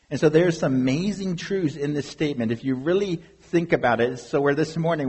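Husky-voiced preacher in a reverberant hall. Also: male voice, medium pitch, darkish tone. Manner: earnest, emphatic, rhetorical questions to the congregation. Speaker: pastor. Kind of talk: sermon. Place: church sanctuary. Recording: long reverb of a large hall.

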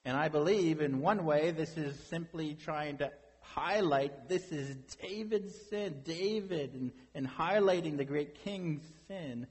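A man's voice: fairly high pitch, unhurried, few pauses, slightly rough, in a large hall. A man preaching a sermon as pastor, conversational and full of rhetorical questions.

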